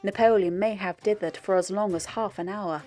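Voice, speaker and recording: A woman narrating a history documentary in a measured, steady storytelling delivery. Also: medium pitch, faint music behind. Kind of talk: scripted narration.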